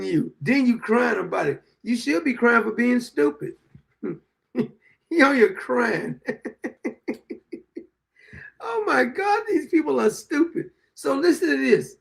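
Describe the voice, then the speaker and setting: A man's voice: very high voice, vocal fry. Scornful ranting man in his sixties. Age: 60s. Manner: mocking, insulting, laughs at his targets. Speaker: political commentary host. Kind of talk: ranting political commentary.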